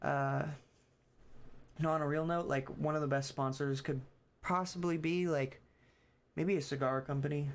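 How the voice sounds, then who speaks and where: A man's voice: a little high, steady tone, normal speed, pauses often. A young man streaming, rambling casually with frequent swearing and loose storytelling. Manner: rambling, many fillers and restarts, swears casually. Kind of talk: casual chat.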